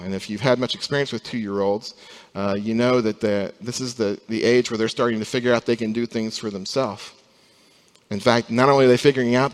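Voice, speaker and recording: A young adult man preaches a sermon in a hall with a long, lingering reverb. His voice sits at an everyday middle pitch, dropping soft and slow, then swelling loud to drive a point home. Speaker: pastor.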